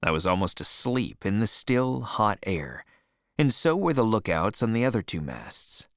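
Brief: male audiobook narrator, low voice, lively melody, dry close sound. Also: moderate pace, no echo. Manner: expressive storytelling.

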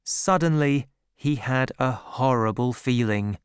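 Slow, clear male storybook narrator. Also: mid-range voice, no room sound, studio quality. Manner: slow, clear, expressive reading. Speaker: audiobook narrator.

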